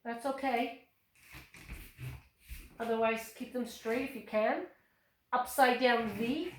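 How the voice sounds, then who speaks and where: A woman's voice: fairly high pitch, steady tone, takes it slowly, a little hiss or hum. A woman leads a yoga class for small children, calling out poses in a cheerful, encouraging way. Her voice comes from across an echoey room, caught by a camera mic some distance away. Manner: cheerful, encouraging step-by-step instructions. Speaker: yoga teacher.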